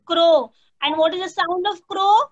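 A woman's voice: very high-pitched, steady tone, unhurried, dull audio. A woman, teaching young children an online lesson, patiently repeating prompts and imitating animal sounds. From India. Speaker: primary school teacher.

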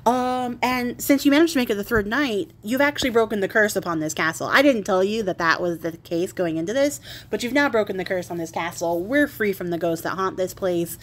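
A woman's voice: mid-range voice, animated, fairly quick, hardly any pauses, lightly acted. A woman voicing a baffled king who talks in an exasperated, profane way. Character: baffled relieved king, middle-aged man.

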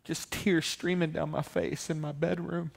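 Male pastor, high-pitched, storytelling sermon that rises to forceful preaching. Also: little pitch movement, a little slow, creaky. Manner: storytelling, building to loud emphatic preaching.

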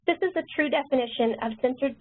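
A woman nurse educator and author who talks quickly, presenting a webinar. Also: high-pitched, a little hiss or hum. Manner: fast-talking. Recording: tinny phone-line webinar audio.

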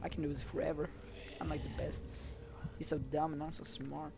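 A man's voice: fairly high pitch, little pitch movement, a little fast, vocal fry. A young man commentating a horror game, taunting the monsters, swearing and yelping when scared, then whispering while he sneaks. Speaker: gameplay commentator. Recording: noisy home mic recording.

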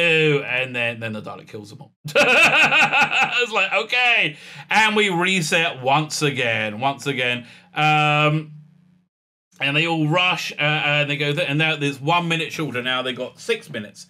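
Bright, sarcastic man recapping a TV episode. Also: fairly high pitch, unhurried. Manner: sarcastic and animated, with many fillers and restarts, acting out quoted lines. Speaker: TV episode reviewer, channel host. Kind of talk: casual spoken recap and review.

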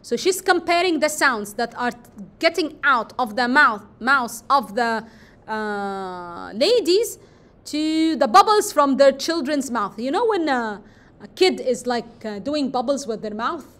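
High-voiced woman explaining a poem. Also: expressive, a little slow, a bit bright. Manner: explanatory, repeats key phrases, frequent fillers. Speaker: teacher. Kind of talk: poetry analysis lesson.

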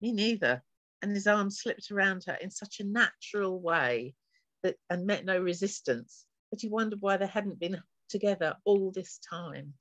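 Author reading her novel aloud, bright and dry. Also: medium pitch, animated, moderate pace, dry recording, poor audio.

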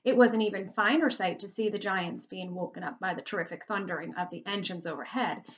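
A woman's voice: medium pitch, a little fast, lo-fi sound. A woman teacher reading a children's novel aloud to her class, adding chatty asides and explaining words.

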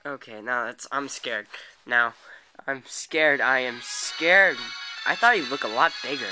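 A man narrating his video game playthrough as a let's play host, excitable and quick to gasp and exclaim at what happens on screen. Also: medium pitch, music in the background. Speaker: gaming channel host.

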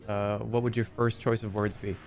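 A man's voice: on the low side, flat delivery, normal speed, darkish tone, faint music behind. A man streaming a game, chatting casually, swearing and flying into frustrated outbursts. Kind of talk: casual gaming stream chat.

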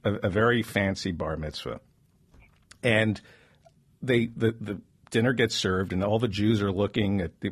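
A man hosting a comedy podcast, telling jokes and stories in animated banter. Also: fairly low pitch, slightly rough. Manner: animated joke-telling, quick asides. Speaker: host.

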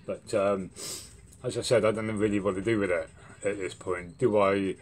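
A man's voice: on the low side, moderate pace, a little hiss or hum. A young man telling a rambling, swear-filled story in a casual vlog. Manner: swears a lot, rambling and animated when retelling.

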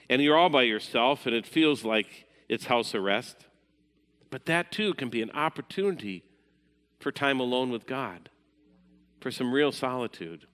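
A man preaching at a measured pace, his voice falling to a near-hush for quiet passages. It is a mid-pitched voice. A long reverb tail from the hall follows each phrase. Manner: measured, dropping to a hushed voice at times. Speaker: pastor. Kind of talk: sermon.

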